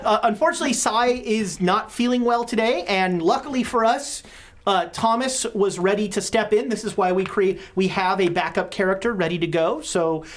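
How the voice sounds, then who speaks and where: A woman's voice: mid-range voice, normal speed. A woman running a tabletop horror game as game master, chatty and full of joking asides.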